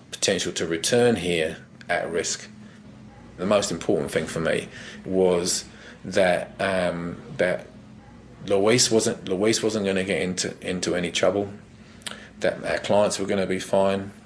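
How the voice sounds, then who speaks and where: A man in an interview, recounting events in a hesitant, halting way. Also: deep voice, a little hiss or hum. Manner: hesitant, with fillers and restarts. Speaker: interviewee, expedition assistant. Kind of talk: interview testimony.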